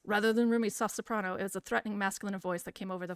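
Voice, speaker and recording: A woman reading a visual novel aloud in a soft, soothing voice, with casual, swearing asides. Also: mid-range voice, fairly even intonation, racing, few pauses, smooth, no room sound, studio quality. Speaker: streamer reading a game aloud.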